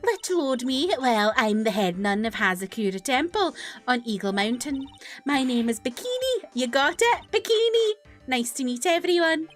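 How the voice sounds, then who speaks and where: Woman voicing a chatty old nun, high bubbly sing-song, bit of music behind. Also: big pitch swings, normal speed. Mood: playful. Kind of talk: video game dialogue read aloud.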